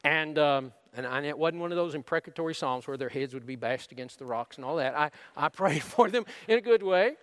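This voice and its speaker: A man's voice: on the high side, animated, a little fast, few pauses, fairly bright tone, clean tone. A man preaching a sermon as pastor, earnest and conversational, with frequent restarts. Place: church sanctuary. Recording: long hall reverb.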